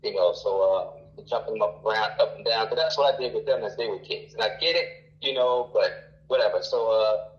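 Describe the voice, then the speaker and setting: A man around forty, a caller telling a long personal story in a halting, rambling way with many fillers. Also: fairly low pitch, echoey room, highs cut off. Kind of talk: casual storytelling.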